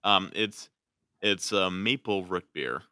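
Deep-voiced man in casual chat. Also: sharp tone, clean tone, no room sound, studio quality. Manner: halting, restarts often, laughs easily. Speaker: podcast co-host.

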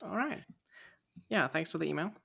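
A podcast co-host in casual chat, playful, teasing and quick to get excited. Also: mid-range voice, vocal fry, breathy edge.

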